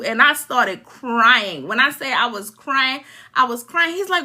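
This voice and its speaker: High-pitched, bright and forceful, with lively intonation at a normal pace, a forties-aged life coach talks to viewers from the heart. She's earnest and emotional, bringing past scenes vividly to life.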